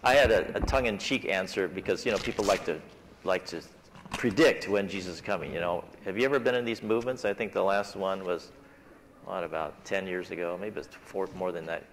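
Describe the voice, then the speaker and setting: Brisk and low-pitched, a man chats with his Sabbath School Bible class in a church classroom, talking matters over together. The audio has the echo of a church hall plus a little hiss or hum.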